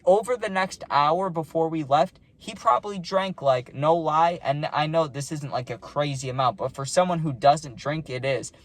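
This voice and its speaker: A man's voice: a little high, moderate pace, hardly any pauses, dry recording. A young man casually telling a rambling party story, full of slang and saying "dude" a lot.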